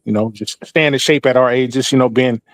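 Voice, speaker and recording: A man's voice: medium pitch, fairly even intonation, a little fast, no echo. An older man rambling and joking as a guest on a livestream panel, fond of doing impressions. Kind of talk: casual chat on a livestream.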